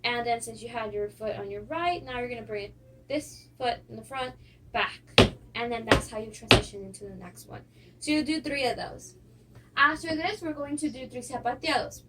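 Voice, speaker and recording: A young woman with a high, light voice walks students through footwork and counts the steps aloud. She sounds set back from the microphone, and steady noise runs under her voice. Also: moderate pace. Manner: counts steps aloud, with little laughs and fillers. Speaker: dance teacher. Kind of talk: instructional lesson. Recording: distant mic with clear noise.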